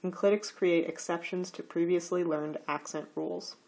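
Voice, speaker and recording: A woman teaching a recorded slide lecture, explaining grammar rules slowly and carefully. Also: on the low side, steady tone, vocal fry, darkish tone.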